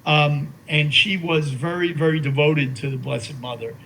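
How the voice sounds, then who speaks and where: An older man talks in an interview with a slightly raised pitch, remembering his late wife with emotion. He pauses and restarts often, filling gaps with hesitations. When he reads aloud he slows into a reverent pace. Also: fairly even intonation, pushed and bright, slight background noise, poor audio. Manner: halting, with many fillers and restarts; slow and reverent while reading a poem aloud. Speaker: interview guest.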